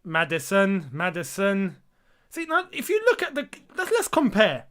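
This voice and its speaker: A man's voice: sits high, huge pitch swings, a little slow, a bit bright. A young man hosting a live football watchalong, reacting with exasperation and disbelief and talking straight to his viewers. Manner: exasperated, incredulous, talks to viewers as lads. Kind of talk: live match reaction and commentary.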